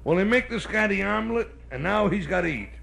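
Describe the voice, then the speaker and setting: Brash Brooklyn comedian with gravelly voice. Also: male voice, high-pitched, expressive, fairly bright tone. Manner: brash storyteller doing quick character voices. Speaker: stand-up comedian. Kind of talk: live stand-up joke telling. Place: hotel nightclub stage. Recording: live club recording with faint noise. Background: audience laughter.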